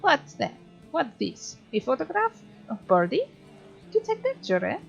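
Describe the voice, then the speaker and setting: A woman's voice: big pitch swings, measured pace, creaky, lo-fi sound, faint music behind, full character voice. A woman doing a chirpy lunch lady in broken English. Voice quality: high, sing-song foreign-sounding accent. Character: motherly older female school lunch lady with broken English.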